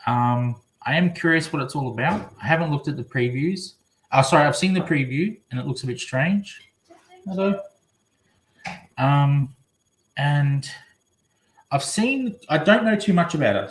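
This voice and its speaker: A man's voice: on the high side, animated, moderate pace. A man chatting casually on a live stream, rambling and reading viewers' comments aloud. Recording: echoey room.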